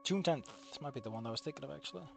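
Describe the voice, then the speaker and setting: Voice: mid-range voice, animated, very fast, gravelly, over music. A streamer ranting in a profane, exasperated way and laughing often as they react on stream.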